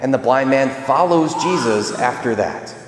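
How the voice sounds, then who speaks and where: A man's voice: mid-range voice, animated, moderate pace, background noise. A man preaching a sermon in a casual, conversational way, acting out the voices of people in the story. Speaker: priest. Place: church. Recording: echoey church with long reverb.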